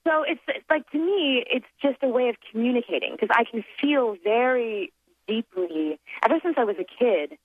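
A woman's voice: a little high, lively intonation, normal speed, no room sound. A woman guest in a casual interview, thinking aloud and reflective, full of fillers and restarts. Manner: reflective, chatty, many fillers and restarts, laughs often. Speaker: guest, accent performer. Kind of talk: casual interview on a phone line. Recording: tinny phone line, dry.

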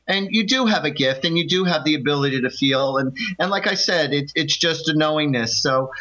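A man's voice: a little high, a little fast. A man co-hosting a call-in psychic radio show, encouraging the caller and telling stories. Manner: encouraging, storytelling, animated quoting. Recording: dull lo-fi radio sound.

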